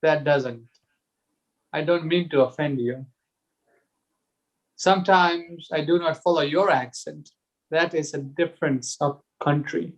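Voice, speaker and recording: A man leading a group discussion, reading conversation transcripts aloud and chuckling now and then over a video call. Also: on the high side.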